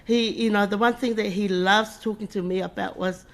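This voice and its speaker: With a mid-range voice, fairly even intonation, and a fairly quick pace, a middle-aged woman speaks at her brother's funeral as the eulogy speaker. She is informal and emotional, often starting her words over and laughing between tears.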